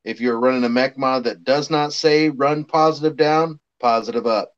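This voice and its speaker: A man's voice: medium pitch, moderate pace. A man explaining vaping gear in a patient, step-by-step way during a casual chat, on a dull lo-fi recording.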